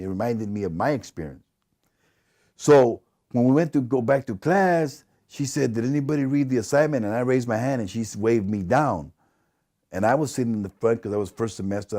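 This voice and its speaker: Middle-aged man, interview subject; low, warm voice, animated storyteller who acts out the dialogue. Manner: animated, acts out quoted dialogue, laughs often.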